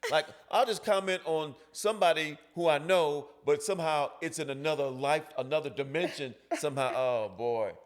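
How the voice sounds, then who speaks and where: A middle-aged man hosting a casual podcast chat, relaxed and chuckling, often repeating his agreement. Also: fairly high pitch, normal speed, hardly any pauses. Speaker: podcast host.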